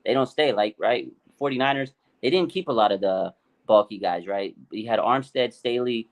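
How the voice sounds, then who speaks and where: A man co-hosting a sports talk show, chatting excitedly and acting out quotes with big swings in his voice. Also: medium pitch, normal speed. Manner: animated, hyped, acts out quotes. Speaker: podcast co-host. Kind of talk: excited casual sports chat.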